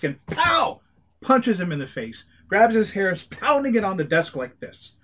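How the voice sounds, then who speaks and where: A man from Hawaii telling a ghost story with a lot of drama. His voice sits a little high for a man. He swings from hushed, low lines to sudden loud outbursts. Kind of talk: animated spoken storytelling.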